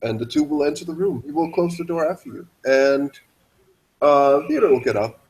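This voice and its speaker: A man's voice: on the high side, expressive, moderate pace, a little mellow, poor audio. A man narrating a tabletop role-playing game as game master, descriptive with frequent hesitations.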